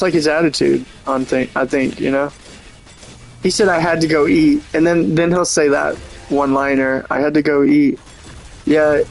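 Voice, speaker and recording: A man's voice: a little high, gravelly. A man streaming a game and chatting casually, rambling and joking, swearing freely. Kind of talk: casual livestream chat.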